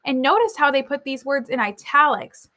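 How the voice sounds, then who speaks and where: A woman's voice: sits high, expressive, moderate pace, bright, forceful tone. A woman teacher giving a recorded reading lesson, explaining in an upbeat, encouraging way.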